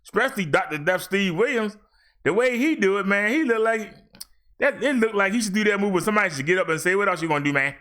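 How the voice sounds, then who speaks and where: A middle-aged man hosting a wrestling review show, ranting in a blunt, animated, trash-talking way. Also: sits high, fast talker.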